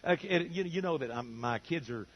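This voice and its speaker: A man's voice: on the high side, animated, normal speed, dull audio. An older man preaching a sermon in a folksy storytelling way, acting out the voices of the people he quotes.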